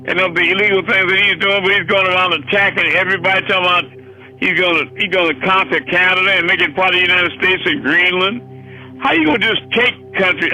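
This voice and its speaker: A male preacher with a high, piercing, sharply edged voice delivers an impassioned sermon. He swears freely and presses his listeners with rhetorical questions, with faint music behind him. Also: pushed and bright, poor audio. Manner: fiery, profane, rhetorical questions.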